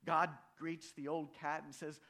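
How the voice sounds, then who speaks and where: Animated male pastor preaching. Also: fairly high pitch, measured pace. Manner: animated storytelling, rising to emphatic peaks. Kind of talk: sermon.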